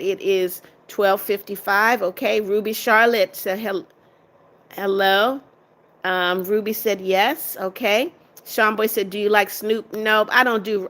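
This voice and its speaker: A middle-aged American woman chats her way through a live stream, reading viewer comments aloud and answering them one by one. Her voice is bright and clear, with an easygoing, talkative flow. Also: mid-range voice. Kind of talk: casual live-stream chat.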